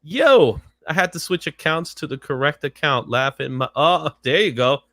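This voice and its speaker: A man hosting a casual livestream chat, animated and quick to laugh as he greets viewers. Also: on the high side, dry recording, studio quality. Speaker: host.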